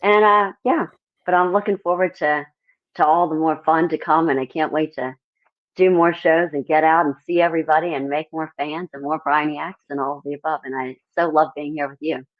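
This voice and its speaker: Woman, low voice, muffled lo-fi call audio, casual interview chat, animated storyteller. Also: a little fast. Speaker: country singer-songwriter guest.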